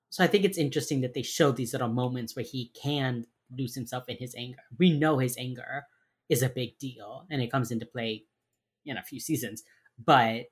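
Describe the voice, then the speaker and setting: A woman's voice: very deep voice, breathy edge. A woman co-hosting a casual chat, animatedly acting out lines from a TV show and swearing freely. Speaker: podcast co-host recapping a TV crime drama.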